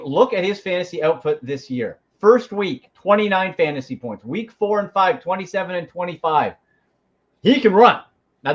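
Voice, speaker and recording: A man talking as a fantasy football analyst on sports radio, giving quick, emphatic takes with frequent restarts. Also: high voice, lo-fi sound.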